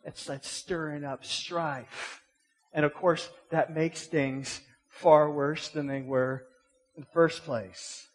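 A middle-aged man preaches in a relaxed, chatty way, asking questions and stumbling over repeated words. His voice is husky and sits a little high for a man. The long reverb of a big church hall trails behind every phrase. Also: slow pace. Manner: conversational preaching with rhetorical questions and repetitions. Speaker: pastor. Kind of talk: sermon. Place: church sanctuary.

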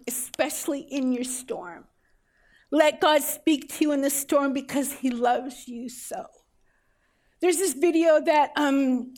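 A woman preaching a sermon in an earnest, tender way, pausing often and ending in prayer. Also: high voice, a little mellow.

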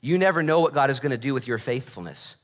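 A middle-aged man preaching a sermon as pastor, reading scripture and telling stories with lively acted voices. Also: medium pitch, fast. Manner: animated storytelling with acted voices.

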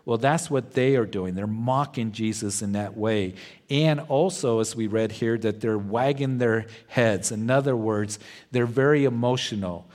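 Brief: male pastor, mid-pitched voice, measured verse-by-verse sermon delivery. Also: a little mellow. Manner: slow, deliberate, verse-by-verse teaching. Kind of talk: expository sermon.

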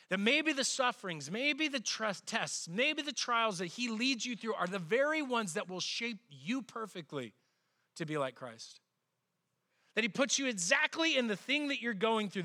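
A middle-aged man preaching a sermon as pastor, conversational and personal, acting out quoted voices with sudden jumps in pitch. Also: sharp tone.

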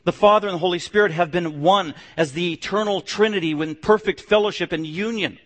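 A man preaching a sermon, swinging between loud emphatic declarations and low hushed passages. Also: brisk, big-room sound. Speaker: pastor.

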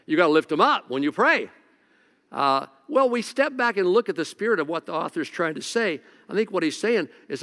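Folksy pastor preaching in a reverberant hall. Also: male voice, sits high, big pitch swings, fairly bright tone. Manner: casual, joking, with quick restarts. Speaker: lead pastor. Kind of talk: conversational sermon. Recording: long reverb of a large hall.

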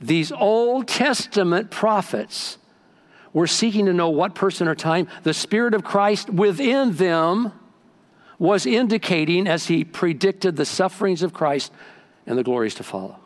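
A man preaching a sermon as pastor, telling stories and acting out quotes with lively swings in his voice. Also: high voice, a little slow. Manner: animated storytelling with acted-out quotes. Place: church sanctuary.

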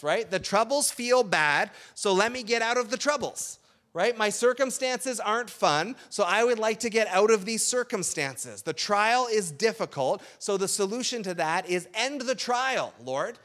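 High-voiced man preaching conversationally. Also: a bit bright. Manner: conversational preaching with frequent "right?" asides. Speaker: pastor. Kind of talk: sermon.

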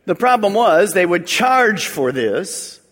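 A man preaching a sermon as pastor, animated, acting out voices and leading call-and-response. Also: sits high, takes it slowly. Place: church sanctuary. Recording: long hall reverb.

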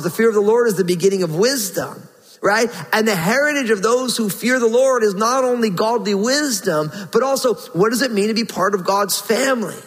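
A man preaches an earnest, emphatic sermon, his voice sitting notably high for a man. He reads scripture with weight. The sound carries a long reverb, like a large hall. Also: fairly bright tone. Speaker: pastor.

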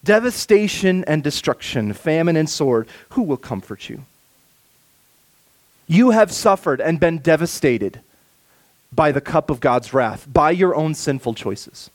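A father and pastor gives a sermon in a somewhat high voice, easing into soft, slow tones for the scripture. His preaching turns stronger and louder at moments of emphasis.

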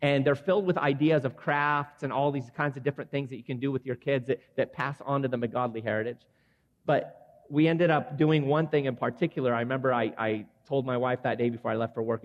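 A middle-aged man preaching a sermon to fathers in an earnest, gentle way, chuckling now and then. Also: mid-range voice. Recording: muffled sound with long hall reverb.

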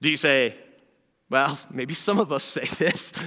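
Bright high-voiced male preacher. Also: expressive, big-room sound. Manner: earnest, conversational preaching that drops to soft, slow asides. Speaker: pastor. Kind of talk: sermon.

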